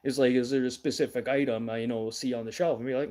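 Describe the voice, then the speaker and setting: A man's voice: mid-range voice, steady tone, fast talker, warm tone. Blunt ranting man streaming. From Manitoba, Canada. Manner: blunt, ranting, swears, thinks aloud. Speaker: livestream news host. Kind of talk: casual livestream commentary.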